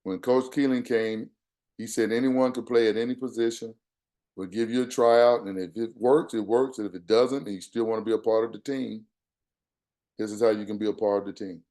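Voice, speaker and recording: A man's voice: fairly low pitch, fairly even intonation, fairly quick, mellow. An older man from Texas, a guest speaker telling a personal story in an earnest, conversational way, quoting the people in it. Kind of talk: storytelling talk.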